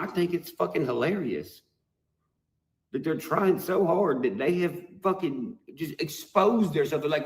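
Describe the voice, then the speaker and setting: A man's voice: mid-range voice, a little mellow. A man, a musician, ranting to his fans in a mocking, heavily profane, emphatic way. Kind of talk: profane video rant. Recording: roomy echoey room.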